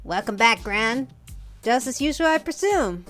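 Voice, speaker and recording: An easygoing tiger man regular, bright and chatty, as a woman reads him out. His voice jumps around in lively swings, with faint game music behind. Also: fairly high pitch, measured pace. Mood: friendly.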